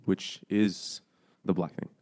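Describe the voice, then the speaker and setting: Low-voiced joking man. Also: fairly even intonation, takes it slowly, a little mellow. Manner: joking, laughs often. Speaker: podcast co-host. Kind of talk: casual chat over beers.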